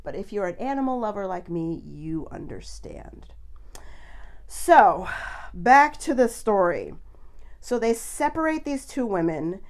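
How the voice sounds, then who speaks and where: A woman's voice: medium pitch, darkish tone. Chatty woman podcast host. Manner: chatty storyteller, laughs often. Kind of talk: casual chat.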